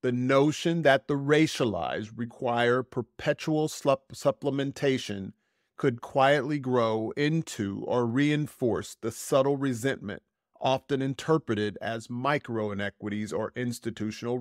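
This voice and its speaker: A podcast host, a man, reads a prepared commentary in a steady middle register. He is deliberate, slowing right down on the words he wants to land. The sound is dry and close, with no room in it. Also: mid-range voice, no room sound. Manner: measured, deliberate, slows to stress key words. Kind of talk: reading a prepared essay.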